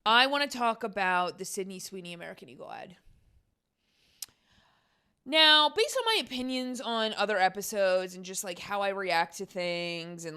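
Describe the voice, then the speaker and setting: A young woman hosts her own podcast and rants in a loose, chatty way. She leans on fillers and sarcasm and sounds exasperated. Her voice sits at an ordinary middle pitch for a woman. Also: sharp tone, smooth. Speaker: podcast host. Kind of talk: casual solo podcast rant.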